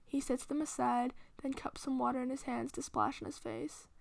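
High, gravelly woman reading a story. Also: big pitch swings, moderate pace, dry recording. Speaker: reader. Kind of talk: reading fan fiction aloud.

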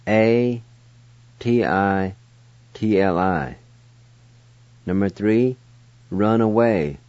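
A lower-voiced man teaches vocabulary at a very slow, measured pace, spelling out letters one at a time. The sound is dry and close, with a dull, lo-fi radio quality. He has the steady, patient delivery of a teacher. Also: no echo. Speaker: language teacher. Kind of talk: radio language lesson.

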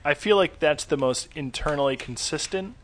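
Male podcast co-host, voice a touch high, wry and analytical. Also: moderate pace, a bit bright. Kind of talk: casual chat.

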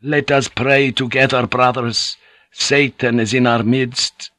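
A man's voice: mid-range voice, fairly even intonation, slow, pushed and bright, no room sound, pitched above the performer's own voice. Man voicing a stern, commanding priest. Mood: grave commanding. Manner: commanding, grave.

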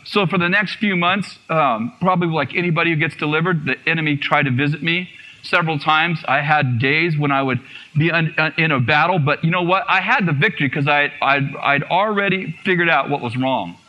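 A man giving a personal testimony in a sermon, telling his story in an animated way, acting out what was said and laughing often. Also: a little high. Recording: muffled radio broadcast.

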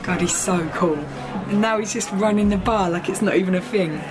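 Over music, a woman with a medium-pitched, natural voice talks a little fast. She's an actress playing an awkward, chatty young Englishwoman with an Estuary accent who rambles and runs herself down. As lead character and narrator of a TV comedy, she speaks both in scenes and in voice-over.

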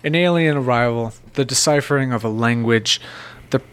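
A man's voice: mid-range voice, moderate pace, a bit bright, smooth. A man co-hosting a film chat, explaining plots in a playful, chatty way. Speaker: podcast co-host. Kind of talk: casual chat.

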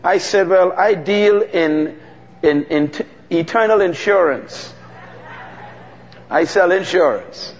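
Man, preaching a sermon, animated storytelling, slightly high voice, muffled recording. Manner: animated storytelling with dramatic pauses and call-and-response. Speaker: pastor. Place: church hall. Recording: dull sound with long hall reverb.

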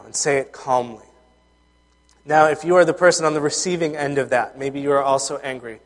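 A man's voice: fairly high pitch, a little fast. Earnest man preaching in a reverberant hall. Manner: earnest, conversational, with frequent fillers and restarts. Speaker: pastor. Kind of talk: sermon.

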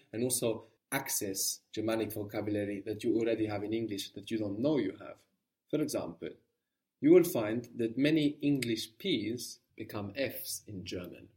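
Patient, low-voiced male language teacher. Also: a little mellow. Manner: patient, encouraging, explains slowly. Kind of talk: spoken language lesson.

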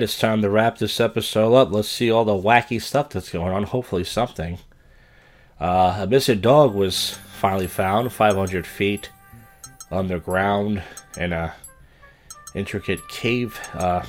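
Low-voiced man, crude wisecracking host. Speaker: podcast host. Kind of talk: comedic commentary over a video clip.

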